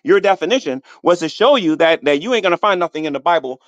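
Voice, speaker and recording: Animated high-voiced man debating heatedly. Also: dry recording, muffled recording. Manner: condescending, repeats himself slowly for emphasis; argumentative, defends his reading of scripture. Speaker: debater in an online audio room. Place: online voice chat room.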